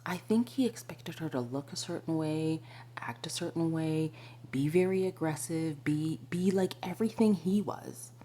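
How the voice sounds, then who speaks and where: A woman telling a personal spiritual story to her viewers, confiding and often slipping into a breathy whisper, with many asides to the listener. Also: low voice, normal speed, mellow, slight background noise. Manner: frequent fillers and asides to the listener. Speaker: spiritual vlogger.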